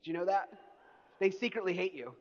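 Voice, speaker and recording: A middle-aged pastor delivers a sermon, telling stories with animated, mock-indignant energy. His voice sits high for a man. The sound is a little dull, and his words ring out in a large hall with long reverb. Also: a little fast. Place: church auditorium.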